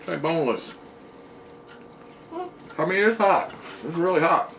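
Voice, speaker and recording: A man's voice: on the high side, lively intonation, a little slow, gravelly, fairly bright tone. A plain-spoken man with a Pennsylvania accent, chatting casually while he taste-tests hot wings at home. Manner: easygoing, plain-spoken, chatty between bites. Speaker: food reviewer. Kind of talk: casual taste-test vlog. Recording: distant mic with noticeable noise.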